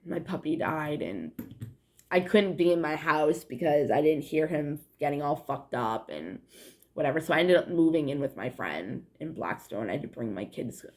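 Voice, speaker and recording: A young woman vlogging alone to her viewers, her voice sitting a little low. She has a New England accent and rambles casually, filling her talk with "like" and curse words. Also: lively intonation, moderate pace, a little mellow. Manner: meandering, heavy on "like" and swearing, frequent laughs. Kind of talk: rambling casual monologue to camera.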